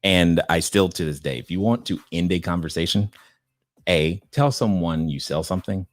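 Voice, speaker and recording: A man's voice: low voice, normal speed, no echo. A middle-aged man hosting a casual livestream, reading viewer questions aloud and riffing on them with easy chuckles. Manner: relaxed, chuckling, reads questions aloud and riffs. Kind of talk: casual live-stream chat.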